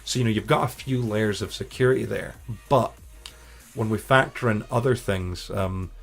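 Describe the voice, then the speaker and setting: A man giving an informal instructional talk on streaming safety, conversational and full of "you know" and quick self-corrections. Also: on the low side, vocal fry, faint music behind. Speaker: streaming educator.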